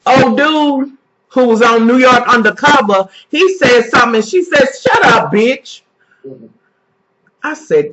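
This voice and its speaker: A woman's voice: on the high side, fairly bright tone, a little hiss or hum. A woman vlogger giving a casual, heavily profane, indignant episode recap, talking to her viewers as "y'all.". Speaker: vlogger reviewing a TV series. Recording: dull lo-fi recording.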